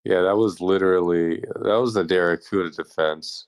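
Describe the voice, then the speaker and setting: A man's voice: low-pitched, steady tone, no room sound, clean studio sound. A man co-hosting a casual podcast chat, teasing his friend and laughing often. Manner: teasing, quick to laugh, acts out quoted voices. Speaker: podcast co-host.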